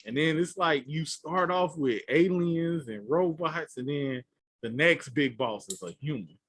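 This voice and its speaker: A man co-hosting a podcast in casual chat, telling stories in an animated way and acting out his own reactions. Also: fairly high pitch, unhurried, slightly rough. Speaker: podcast co-host.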